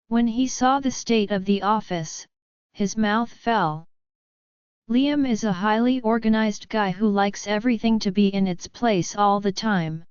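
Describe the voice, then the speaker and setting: A woman narrates a scripted story slowly and with measured drama. Her voice is very smooth and clear at a middling pitch. The recording is dry and a bit dull. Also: a little mellow, dry recording.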